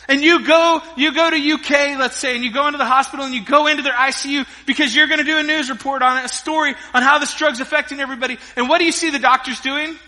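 A middle-aged man preaching a sermon, telling stories with lively energy and dropping between loud emphasis and quiet asides. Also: extremely high pitch, quick pace, hardly any pauses. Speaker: pastor. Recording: long reverb of a large hall.

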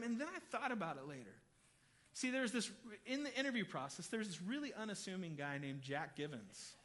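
A male pastor delivers a sermon in a high, ringing voice. He tells stories in a lively, conversational way and keeps turning to the congregation with direct questions. His tone stays bright and forceful throughout. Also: brisk. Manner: animated, chatty, addresses the congregation directly. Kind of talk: sermon with personal storytelling.

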